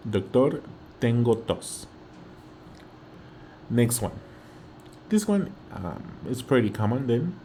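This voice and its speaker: This male Spanish teacher has a warm, medium-pitched voice with big pitch swings, speaking slowly with many pauses over a slight hiss or hum. In his Mexican accent, he leads a slow vocabulary lesson, repeating every word patiently and frequently checking in with "okay?".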